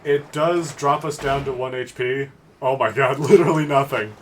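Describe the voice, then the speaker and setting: A man's voice: mid-range voice, normal speed, slight background noise. A man giving casual, joking commentary as he plays a video game, swearing freely. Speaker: streamer. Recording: game music behind voice. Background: game music.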